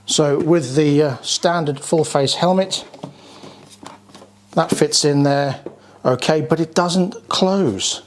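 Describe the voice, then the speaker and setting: A man's voice: fairly high pitch, slow, a little hiss or hum. A British man giving a casual, plain-spoken walkaround review of scooters, pointing out features as he goes.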